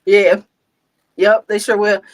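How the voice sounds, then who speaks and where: An older woman, hosting a casual chat and telling lively stories, laughing often and acting out quotes. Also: medium pitch, slow pace, dry recording. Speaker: host.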